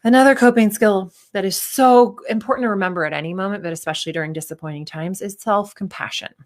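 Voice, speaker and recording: A woman's voice: mid-range voice, fast. A woman in her thirties, a performance coach, giving a candid, casual talk and acting out the voices of people she quotes.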